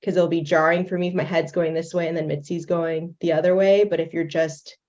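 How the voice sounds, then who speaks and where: A young woman talks through her animation setup in a loose, chatty way, full of fillers and quick laughs. Her voice sits a little low and comes over a dull, lo-fi call line. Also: little pitch movement, a little mellow. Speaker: guest creator demonstrating animation software. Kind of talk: casual livestream chat. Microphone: video call.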